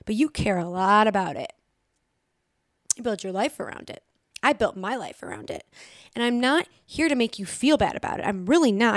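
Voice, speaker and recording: A young woman with a slightly high voice gives a direct-to-camera motivational talk as a recovery vlogger, blunt and full of swearing and repeated phrases. The sound is clean studio audio with no room sound.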